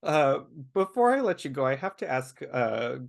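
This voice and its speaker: Man, interview host, mid-pitched voice, enthusiastic, friendly questions. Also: sing-song, moderate pace, vocal fry. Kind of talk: webchat interview.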